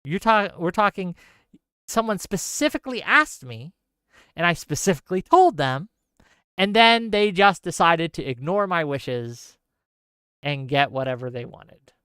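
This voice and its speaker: Animated man ranting on a live stream. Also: sits high, a little slow, clear, resonant tone, no echo, clean studio sound. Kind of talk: casual live stream chat reading viewer comments.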